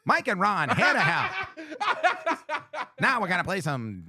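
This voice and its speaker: A man's voice: high voice, huge pitch swings, unhurried, vocal fry, sharp tone, dry recording, pitched above the performer's own voice, full character voice. A man hamming up a cheery 1930s radio announcer. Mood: jovial.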